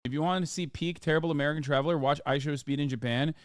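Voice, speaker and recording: A man hosting a live-stream reaction, talking in an animated, profane, ranting way. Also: fairly high pitch, racing, no echo, studio quality. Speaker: streamer host.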